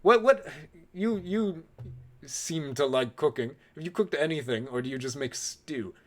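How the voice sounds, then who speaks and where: A man's voice: fairly high pitch, unhurried, voice pushed up, close to an everyday voice. A man playing a haughty, scornful head chef. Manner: lecturing, formal speech without contractions.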